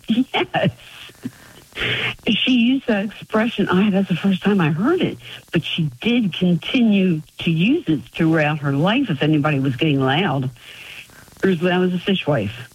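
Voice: medium pitch, animated, measured pace, husky, dull audio. A caller from Florida telling a family story on a radio call-in show, chuckling often. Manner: storytelling, warm with frequent chuckles.

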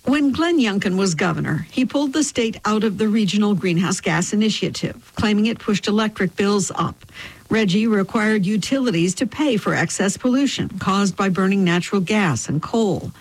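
A woman delivering a scripted radio news report with clear, narrative phrasing. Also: medium pitch, lively intonation, moderate pace, rough recording.

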